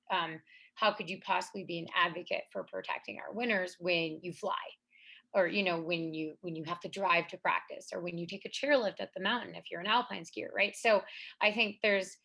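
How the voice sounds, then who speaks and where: A young woman athlete talking in a panel discussion, animated and chatty, with quick bursts. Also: lowish voice, gravelly. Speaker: pro athlete.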